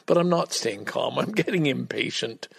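A man's voice: medium pitch, animated, normal speed, creaky, fairly bright tone, breathy edge, no echo. A man hosting a podcast, telling a rambling story in a casual monologue, with frequent restarts and blunt swearing. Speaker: podcast host.

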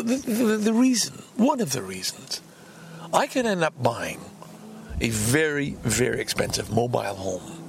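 A man's voice: a little high, vocal fry, slight background noise. A man hosting a podcast, ranting angrily and profanely with heavy emphasis. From Canada. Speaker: podcast host. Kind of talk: solo podcast rant.

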